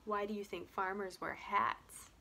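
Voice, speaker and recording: A woman voicing a mean little boy who taunts a classmate loudly in a storybook read-aloud. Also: mid-range voice, steady tone, a little slow, vocal fry, a little hiss or hum. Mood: spooky. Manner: loud taunting, then spooky whispers.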